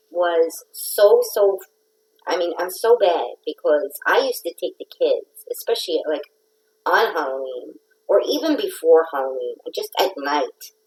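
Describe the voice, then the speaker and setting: A woman's voice: low-pitched, lively intonation, slow, poor audio. A middle-aged woman hosting a casual livestream, telling a rambling, playful story. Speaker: host of a craft livestream.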